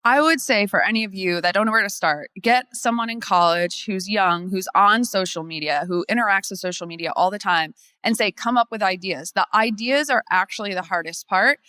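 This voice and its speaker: A woman's voice: medium pitch, a little fast, hardly any pauses, pushed and bright, no echo. A woman lawyer, candidly chatting to a conference audience and laughing often. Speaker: lawyer and firm owner. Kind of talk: conference panel talk.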